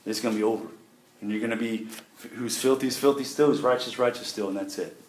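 A middle-aged man talks quickly in a fairly low voice as he preaches a sermon in church. His style is folksy and emphatic, with varying volume, and the echoey space carries faint noise.

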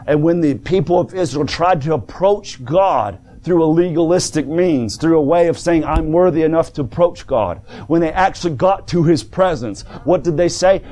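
High-voiced preacher man, folksy and fervent. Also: normal speed, few pauses. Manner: folksy preaching, calls out "brother, sister", rises to shouts. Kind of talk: sermon. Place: church service.

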